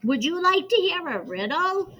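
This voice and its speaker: A woman's voice: very high-pitched, big pitch swings, normal speed, bright, forceful tone, voice pushed up, heavily acted. A woman doing a cool, windy old elephant aunt. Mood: cool, measured. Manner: windy, cool, a tiny bit scary.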